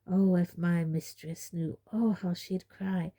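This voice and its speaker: A very old, bitter male house elf voiced by a woman mutters hoarsely and spitefully, servile to your face and nasty behind it. The voice is low, soft and slow. This is an audiobook reading. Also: fairly even intonation. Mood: muttering bitterly. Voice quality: hoarse, deep, muttering under breath. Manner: spiteful grumbling asides, mock-humble.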